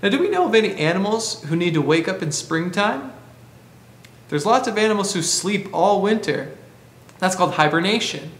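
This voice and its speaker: A man hosting a library storytime, reading a picture book to children and asking them gentle questions. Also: sits high, sing-song, moderate pace. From Canada.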